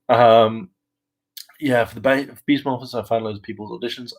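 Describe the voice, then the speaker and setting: A vlogger and aspiring actor of ordinary pitch talks loosely to his viewers in casual, rambling commentary, moving from thought to thought with lots of "um"s and "like"s. His intonation stays fairly even and his pace moderate, though the audio is poor. He's chatty and self-deprecating, laughing, imitating voices and swearing in an easy, offhand way.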